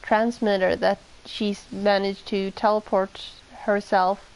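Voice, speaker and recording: A woman's voice: medium pitch, level tone, takes it slowly, darkish tone, smooth, rough recording. A woman streaming a video game, reading the text aloud and then musing casually, with some swearing.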